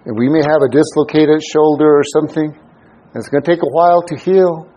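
A man's voice: fairly high pitch, steady tone, fairly quick, warm tone, slight background noise, rough recording. A man preaching a conversational sermon as a pastor, often acting out quoted voices to make a point.

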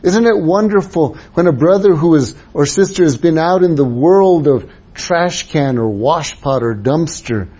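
A man preaching with a husky, mellow voice, pitched a little higher than most men. He drops into soft, low asides, then rises into raised, urging exhortation. The recording sounds dull and lo-fi. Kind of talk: sermon.

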